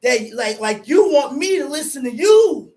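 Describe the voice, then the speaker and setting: A man preaching on justice, loud and emphatic, often repeating words as he drives his point home. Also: very high voice, big pitch swings, a little slow. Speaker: teacher. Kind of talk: street preaching. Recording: echoey, distant mic.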